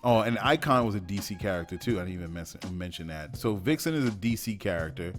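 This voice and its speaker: A man's voice: low voice, lively intonation, fast, soft background music. A man hosting a podcast, giving opinionated solo commentary with many fillers and restarts. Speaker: podcast host.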